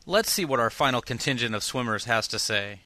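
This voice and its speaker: A man hosting a radio show, reading scripted links in an even, measured announcer delivery. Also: medium pitch, very noisy. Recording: music bed under the voice.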